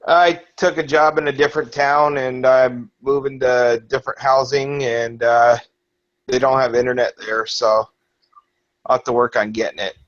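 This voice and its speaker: A man's voice: mid-range voice, little pitch movement, normal speed. Matter-of-fact man on a dull mic. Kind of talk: casual voice chat.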